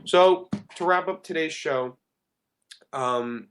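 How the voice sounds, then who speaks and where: A man's voice: a little high, slow pace, fairly bright tone, smooth. A man hosting a talk show, giving an earnest, rambling monologue that often corrects itself mid-sentence. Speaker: radio show host.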